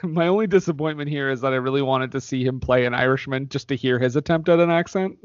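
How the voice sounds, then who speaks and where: A man's voice: mid-range voice, fast, no echo, dull audio. A man co-hosting a casual movie review chat, laughing often and acting out lines from the film. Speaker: podcast co-host.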